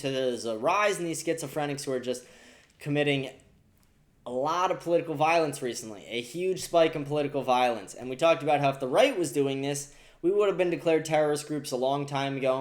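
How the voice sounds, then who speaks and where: Delivering casual political commentary on his podcast, this man angrily sounds off about the news, swearing as he goes. He speaks fairly quickly in a voice on the high side.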